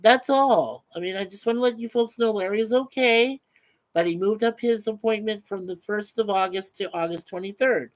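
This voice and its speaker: A man's voice: high-pitched, moderate pace, low-quality recording. A man hosting a casual live stream, chatting loosely with many fillers and reading out viewer comments.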